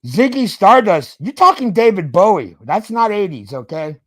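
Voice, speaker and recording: A man's voice: high-pitched, sing-song, normal speed. A man in his fifties, a podcast host, ranting in a casual chat, swearing and tagging his points with "okay?".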